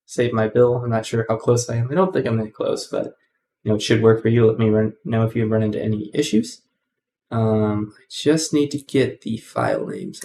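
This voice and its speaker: A man's voice: mid-range voice, warm tone. A man hosting a casual coding tutorial, rambling with many ums and self-corrections.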